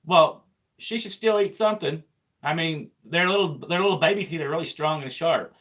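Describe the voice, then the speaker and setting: A man's voice: on the high side, moderate pace, fairly bright tone. Easygoing trucker man. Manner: easygoing and joking, stammers over his words. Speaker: trucker and livestream co-host. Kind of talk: casual live-stream chat.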